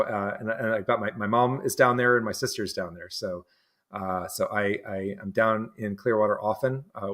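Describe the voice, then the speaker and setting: A man from New England, a guest in a casual conversation, who talks haltingly with many restarts and fillers. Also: lowish voice, fairly bright tone. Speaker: interview guest.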